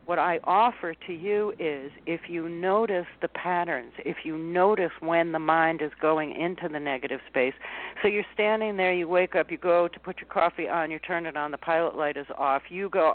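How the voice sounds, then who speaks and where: A woman speaking as a guest coach in an interview, animated, acting out a panicked inner voice with big pitch jumps. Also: moderate pace. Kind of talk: interview conversation. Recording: tinny phone-line sound.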